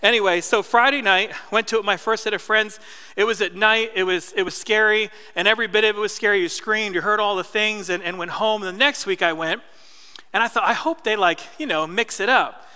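A man's voice: high voice, fairly quick, sharp tone, smooth. A man in his thirties from New Jersey, preaching a sermon in casual, story-driven talk with asides to the congregation. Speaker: pastor. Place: church hall. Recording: reverberant church hall.

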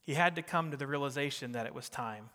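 Bright-voiced preacher with a Jersey accent. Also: male voice, mid-range voice, quick pace, big-room sound. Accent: New Jersey. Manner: preaching with rising emphatic bursts and soft drops. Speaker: pastor. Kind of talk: sermon.

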